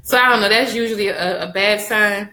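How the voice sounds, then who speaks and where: A woman recapping a TV episode for her viewers, chatty and animated, addressing them directly and laughing often. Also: mid-range voice, a little fast, echoey room, rough recording. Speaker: TV show reviewer.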